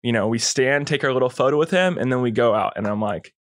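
A man's voice: mid-range voice, fast, few pauses, dry recording, studio quality. A young man, a podcast guest, telling a long story in a laid-back, slangy way and acting out quotes. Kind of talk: casual storytelling.

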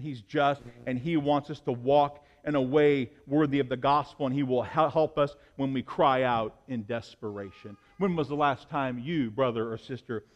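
A man preaching a passionate sermon as pastor, swinging between loud appeals and hushed asides. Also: medium pitch, in a large hall, dull audio.

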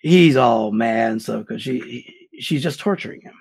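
A man giving blunt, animated relationship advice in a casual chat. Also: mid-range voice, moderate pace, vocal fry, slightly rough.

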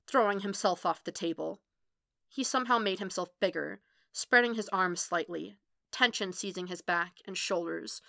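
A woman narrating a fan fiction audiobook with expressive reading that quickens in the tense passages. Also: lowish voice, creaky, no echo, studio quality. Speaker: podfic reader.

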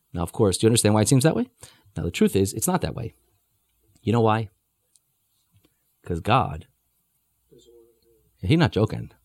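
A man's voice: lowish voice, a little mellow, husky, no room sound, studio quality. A man teaching a scripture class in an emphatic way, with rhetorical questions and playful asides. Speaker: religious teacher.

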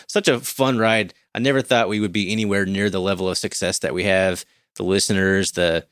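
A man's voice: fairly low pitch, fairly bright tone, no room sound, clean studio sound. A man co-hosting a casual podcast, laid-back and rambling, chuckling often as he talks. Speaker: podcast co-host.

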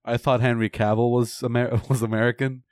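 A man in casual chat, excitable and heavy on fillers, swearing freely. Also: mid-range voice, a little fast, dry recording, studio quality.

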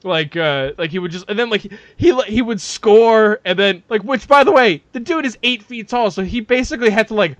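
A man with a high voice tells a story with animated energy, swearing freely and laughing mid-sentence. His voice is recorded dry and close, with no room sound. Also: brisk, hardly any pauses, dry recording. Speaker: podcast co-host. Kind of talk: casual comedic storytelling.

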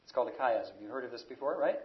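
A man's voice: medium pitch, rapid-fire, lo-fi sound. A man preaching an expository sermon, teaching emphatically and raising his voice on key words.

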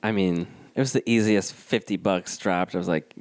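A man's voice: sits low, steady tone, moderate pace, no room sound. A man co-hosting a podcast in casual chat, laid-back, with short dry remarks.

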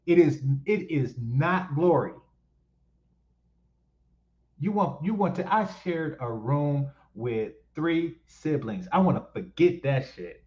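A man's voice: a little high, expressive, takes it slowly, a little mellow, lo-fi sound. A man from East Oakland ranting as he reacts to clips, blunt and mocking, repeating his points for emphasis. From East Oakland, California. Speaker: commentary host reacting to clips.

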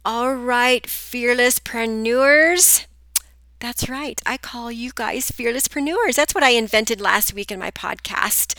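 Slow, bright-voiced woman podcast host. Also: a little high, no echo. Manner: upbeat, chatty, addresses listeners directly. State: groggy. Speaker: podcast host, business coach. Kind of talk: solo podcast talk.

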